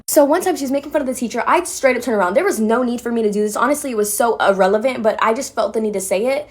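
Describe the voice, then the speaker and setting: A woman talks at a quick clip in a casual storytime vlog. Her voice sits a bit high, and she is blunt and sassy, leaning on "like" as she goes. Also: breathy edge. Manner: chatty, fillers of "like", blunt and sassy. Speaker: vlogger.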